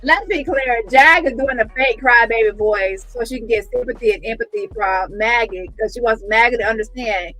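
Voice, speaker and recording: A woman giving casual online commentary in a sarcastic, mocking and animated way. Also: a little high, normal speed, few pauses, no echo, soft background music, rough recording.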